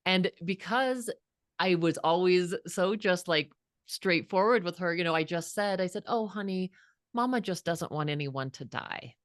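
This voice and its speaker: A woman in her fifties, appearing as a guest author, shares a personal story earnestly and reflectively, often restarting her sentences. Her voice is fairly low and a little slow, recorded cleanly in a studio with no room sound.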